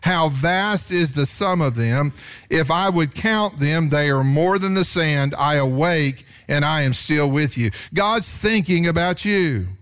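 A man's voice: unhurried, clear, resonant tone. A male pastor preaching a sermon, his voice jumping up on points of emphasis. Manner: animated preaching, pitch rising sharply on emphasis.

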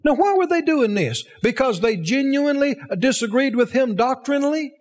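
A man's voice: very high voice, animated, moderate pace, big-room sound. A man preaching a sermon, emphatic, asking the congregation rhetorical questions.

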